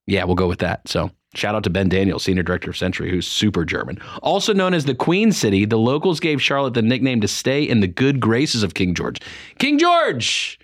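A man's voice: fairly low pitch, lively intonation, fast, few pauses, no echo, studio quality. A man hosting a radio morning show, chatting casually with a playful, teasing manner. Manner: joking, playful, teasing asides. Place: radio studio. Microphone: studio microphone.

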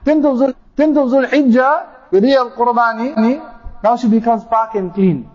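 A man's voice: very high-pitched, normal speed, darkish tone, lo-fi sound. A man, a mufti, preaching a sermon, repeating phrases for emphasis and reciting Arabic quotations. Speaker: mufti giving a talk.

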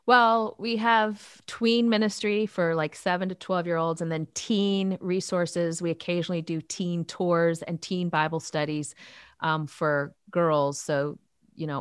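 Earnest woman, lowish voice, dry sound. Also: smooth, no room sound. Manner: earnest, animated storytelling with faith talk. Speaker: author and youth ministry leader. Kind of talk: interview answers.

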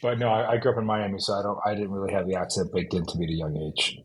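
A man in his forties with a low voice, guesting on an interview show as a company head. He speaks relaxed and informally, padding lines with "you know" and "right?". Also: racing, low-quality recording. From United States. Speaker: esports company CEO, guest. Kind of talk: casual interview.

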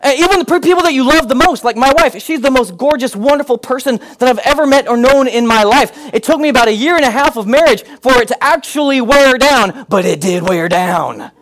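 High-voiced, animated male preacher. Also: fairly quick, hardly any pauses. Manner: animated, comic asides, rising to near-shouts. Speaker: pastor. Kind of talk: sermon.

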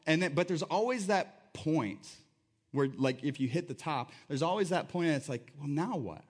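A man preaching a sermon in a conversational, animated way, acting out voices as he tells the story. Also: fairly high pitch, normal speed, slightly rough. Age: adult. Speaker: pastor.

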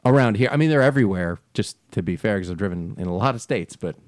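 A man's voice: fairly low pitch, quick pace, no room sound, clean studio sound. A man from New Jersey with a New Jersey accent, hosting a podcast in casual chat and laughing often. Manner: laughs often, animated storyteller. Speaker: podcast host.

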